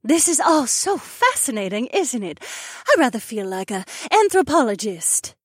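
A man's voice: very high-pitched, big pitch swings, normal speed, a bit bright, husky, dry recording, studio quality, voice pushed up, heavily acted. A man voicing an eager, bookish young woman who talks in a prim, enthusiastic way.

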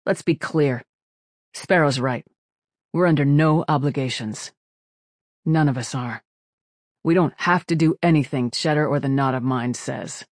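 A man voicing a pragmatic, sharp-tongued male ship captain in an audiobook. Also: mid-range voice, measured pace, long pauses, dry recording, clean studio sound, natural voice. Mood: firm. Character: gruff middle-aged male ship captain.

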